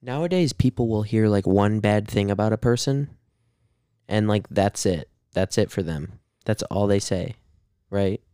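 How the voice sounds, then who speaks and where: A man's voice: lowish voice, a little slow, warm tone, clean tone, no echo, clean studio sound. A young man co-hosting a podcast, rambling casually with lots of fillers and frequent laughs. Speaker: podcast co-host. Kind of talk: casual chat.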